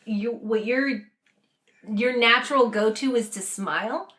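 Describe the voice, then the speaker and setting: Rambling high-voiced woman co-host. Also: measured pace, a bit bright, echoey room. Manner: rambling, full of "like". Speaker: podcast co-host. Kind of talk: casual chat.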